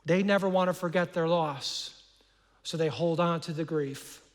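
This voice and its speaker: A middle-aged man preaching a sermon as pastor, earnest, often restarting and repeating words, dropping soft and low on painful words. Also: a little slow. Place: large church auditorium. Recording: long hall reverb.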